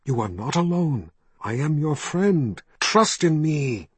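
A man voicing a desperate young man who tries to reach a frightened friend, pleading with urgency and steady reassurance in an audiobook reading. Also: a little high, slow, husky, no room sound, exaggerated voice. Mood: calm, soothing. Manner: urgent shouting, then calm and reassuring.

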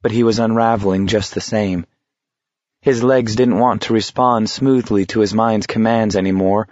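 A man reading a novel aloud in steady, measured scripted narration. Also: lowish voice, no echo, dull audio. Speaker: audiobook narrator.

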